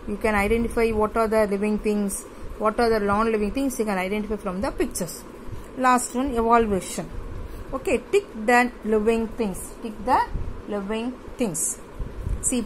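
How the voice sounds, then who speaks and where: A woman teaching young children from a workbook, going slowly, repeating words and spelling them out letter by letter. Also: fairly high pitch, a little hiss or hum, low-quality recording. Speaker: primary school teacher. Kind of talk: classroom lesson, explaining a workbook page.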